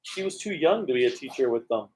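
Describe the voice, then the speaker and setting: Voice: medium pitch, expressive, quick pace, a little mellow, a little hiss or hum. A co-host in casual chat, critical and insistent about a TV show's writing. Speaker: podcast co-host.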